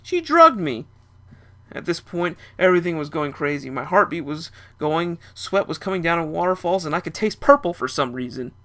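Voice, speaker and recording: A man's voice: fairly high pitch, brisk, few pauses, a bit bright. A young man narrating a first-person story in a casual, chatty way.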